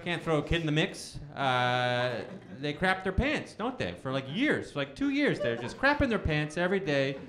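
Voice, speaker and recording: A man's voice: a little high, sing-song, normal speed, hardly any pauses, noisy background. A man in his thirties doing a stand-up comedy set in a bowling alley venue, telling stories animatedly and acting out the dialogue in shifting voices. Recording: roomy live venue with crowd laughter.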